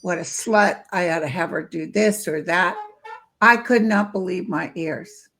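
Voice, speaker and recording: A woman guest telling stories in casual chat, lively and acting out the voices of people she quotes. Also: fairly low pitch, unhurried. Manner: lively storyteller who acts out quoted voices.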